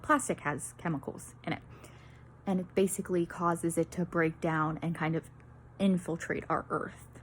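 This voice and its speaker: Young female student presenter, nervous, breathy, filler-heavy, faint background hiss. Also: fairly low pitch. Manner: nervous, many fillers and laughs, apologetic. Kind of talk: peer-teaching presentation.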